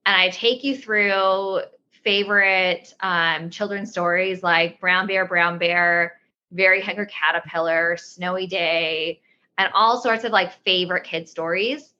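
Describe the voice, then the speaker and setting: A woman's voice: lowish voice, steady tone, measured pace, bright, forceful tone, lo-fi sound. A woman in her thirties, a yoga teacher guest on a podcast, explaining things in a rambling way with many restarts. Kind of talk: casual interview talk.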